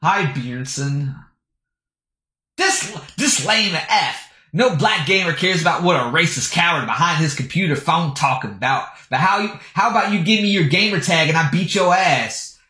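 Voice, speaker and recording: Young guy streamer, crude scornful reactions, bright voice, echoey room. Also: sits high, expressive, moderate pace, few pauses. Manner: scornful, swearing, breaks into laughter. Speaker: streamer reacting to posts and videos. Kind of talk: casual crude reaction commentary. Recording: roomy echo.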